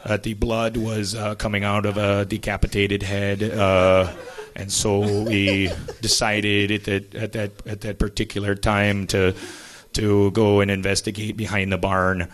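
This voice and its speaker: A man putting on a folksy Midwestern small-town police officer giving a halting statement. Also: on the low side, flat delivery, fairly bright tone. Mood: deadpan.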